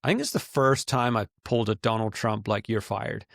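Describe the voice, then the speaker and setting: Middle-aged man, podcast co-host, gravelly voice, candid storyteller, dry close sound. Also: mid-range voice, fairly quick, dry recording. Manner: candid, animated retelling with quoted dialogue. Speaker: podcast co-host and business owner. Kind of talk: casual storytelling chat.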